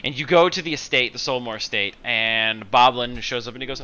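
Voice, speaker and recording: A man's voice: medium pitch, brisk, hardly any pauses, pushed and bright, smooth. A man narrating a tabletop game as game master, rambling and hesitant in a playful way. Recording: dull lo-fi stream audio.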